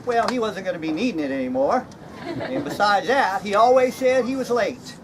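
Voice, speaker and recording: Actor as a chuckling folksy hatter, slightly mad, lively delivery, outdoor crowd behind. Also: male voice, high-pitched, moderate pace. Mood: jokey. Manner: folksy, chuckles at his own jokes. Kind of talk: outdoor live stage comedy skit. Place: outdoor reenactment event.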